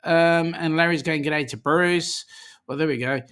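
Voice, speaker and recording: A man's voice: on the high side, a little slow, a bit bright, clear, resonant tone. A man with an Australian accent, originally from South Africa, hosting a livestream and chatting as he reads out viewer comments. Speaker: host. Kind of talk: livestream chat.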